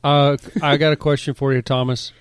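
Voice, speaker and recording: A man's voice: mid-range voice, level tone, fairly quick, clean tone, no echo. Teasing man on a dry podcast mic. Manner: teasing, exaggerating, rises loud when mocking. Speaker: podcast co-host. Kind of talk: casual chat.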